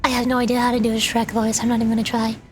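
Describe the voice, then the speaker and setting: A woman's voice: a little high, level tone, racing, faint music behind. A young woman VTuber chatting casually and rambling between lines while voice acting a game, laughing often. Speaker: VTuber streamer.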